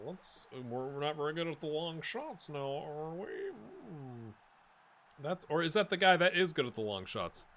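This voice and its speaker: Male gaming YouTuber, mid pitch, bright and animated, chatty and rambling, talks over his own game. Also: moderate pace, slight background noise. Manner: chatty, rambling, bursts of excitement at goals. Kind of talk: casual let's-play commentary.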